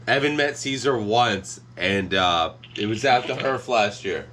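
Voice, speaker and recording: A man's voice: lowish voice, animated, a little slow, fairly bright tone, a little hiss or hum. A man hosting a casual podcast chat, loose and profane, steering the others toward stories.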